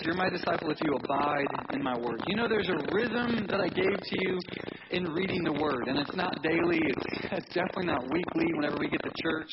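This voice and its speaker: A man's voice: a little high, heavy background noise. A man preaching a sermon as pastor, talking to the congregation in an emphatic, conversational way and repeating key words. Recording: dull lo-fi audio.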